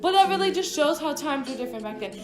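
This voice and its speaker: A vlogger of about twenty tells a rambling, casual story over a speedpaint, swearing often and throwing in offhand asides. Her voice sits high with lively intonation and she talks fast, recorded in an echoey room with background music.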